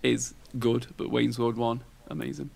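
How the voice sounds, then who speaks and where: A man chats loosely as a podcast host. His voice has a gravelly, fry-tinged texture at a middling pitch. He rambles along with plenty of fillers and little asides. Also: flat delivery, normal speed, darkish tone. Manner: rambling, chatty, lots of fillers and tag questions. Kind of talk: casual chat.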